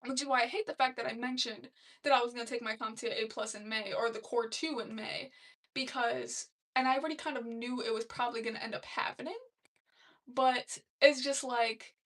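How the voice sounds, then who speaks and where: A woman's voice: a little high, a bit bright, far from the mic. A young woman hosting a casual live stream, chatting loosely and laughing as she reads comments aloud. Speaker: livestream host.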